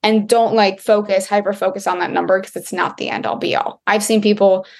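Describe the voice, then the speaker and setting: A woman's voice: mid-range voice, steady tone, brisk, creaky. A woman naturopathic doctor answering interview questions in a chatty way, full of "like" fillers.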